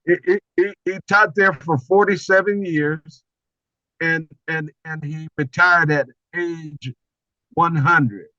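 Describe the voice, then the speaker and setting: An older man tells a story from his life over a video call, lively and often restarting his phrases. His voice sits a little high, and the call audio sounds muffled and dry. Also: slow pace, dry recording. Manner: animated storyteller, repeats words as he restarts. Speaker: guest. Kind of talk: personal storytelling.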